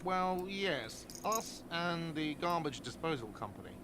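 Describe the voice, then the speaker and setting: A man's voice: a little high, big pitch swings, measured pace. A man voicing a curt, defensive bar manager in a video game. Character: grumpy, tight-fisted male hostel manager. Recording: game audio with noisy ambience.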